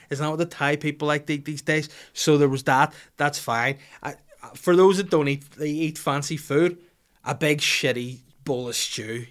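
Profane rambling stand-up comedian man. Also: medium pitch. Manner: profane, rambling asides, animated. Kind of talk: stand-up storytelling.

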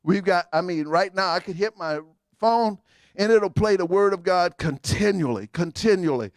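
Calling out to the congregation for amens, a middle-aged pastor preaches at a moderate pace in a high, ringing voice, hitting some words with abrupt shouts. The recording is close and dry, without any room echo.

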